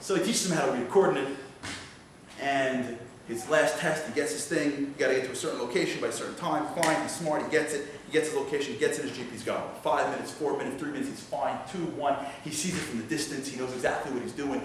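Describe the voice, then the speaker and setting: Animated male storyteller in an echoey hall. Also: medium pitch, quick pace. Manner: animated, acts out voices. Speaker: guest speaker. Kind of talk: storytelling lecture. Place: synagogue hall. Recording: echoey hall from far off, noisy.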